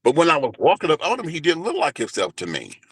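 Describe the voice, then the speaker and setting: A man in his forties telling a personal story in an animated, flamboyant, profane way during a casual interview. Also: a little high, quick pace, breathy edge, no room sound. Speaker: guest, entertainer and radio host.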